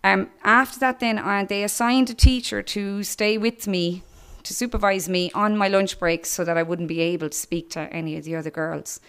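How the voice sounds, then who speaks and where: Irish woman telling a lively testimony. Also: mid-range voice, normal speed, clear, resonant tone. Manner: animated, laughing, acts out voices in her story. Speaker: church testimony speaker. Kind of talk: personal testimony storytelling.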